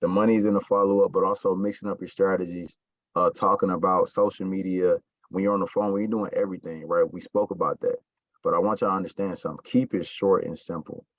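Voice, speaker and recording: A man's voice: deep voice, level tone, fast talker, no room sound, highs cut off. A man coaching his sales team in casual talk, stressing words and often checking in with "right?" and "you got me?".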